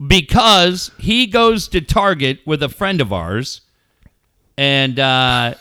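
A middle-aged man hosting a podcast, telling a story in casual, profane talk that rises into shouting. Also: a little high, lively intonation, slow pace, smooth, no room sound, clean studio sound. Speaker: podcast host.

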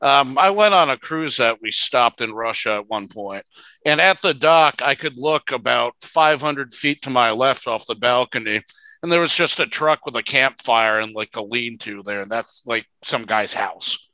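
A man's voice: mid-range voice, normal speed, pushed and bright, dry recording, low-quality recording. A man co-hosting a casual podcast over a video call, joking and swearing freely. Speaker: podcast co-host.

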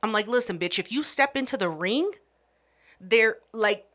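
A woman's voice: on the high side, animated, normal speed, fairly bright tone. A young woman co-hosting a podcast, blunt and profane, teasing and bantering with her co-host. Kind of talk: casual podcast chat.

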